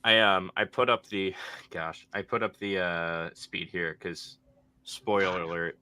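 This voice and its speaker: A man hosting a casual debate review, animated with quick asides. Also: deep voice, a little hiss or hum. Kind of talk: casual chat.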